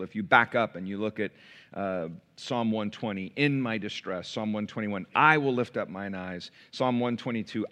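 Man, pastor, evening sermon, emphatic preaching, repeated phrases, mid-pitched voice. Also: fairly bright tone. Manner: preaching with rising emphasis and repetition.

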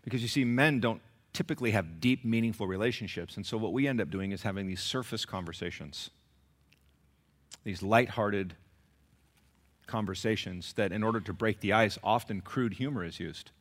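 A man preaching a sermon as pastor, emphatic and animated, with many rhetorical questions. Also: on the low side, moderate pace.

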